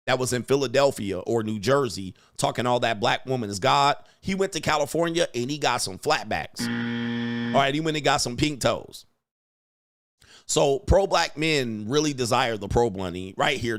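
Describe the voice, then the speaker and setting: A man hosting a show, giving loud, crude, mocking commentary on video clips and laughing often. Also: medium pitch, no echo. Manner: brash and mocking, laughs often, mimics voices. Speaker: host.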